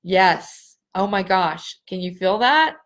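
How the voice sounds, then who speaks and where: A middle-aged woman hosting a live spiritual healing session, speaking slowly and earnestly and repeating phrases for emphasis. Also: mid-range voice, animated, a bit bright. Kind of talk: live energy-healing reading for viewers.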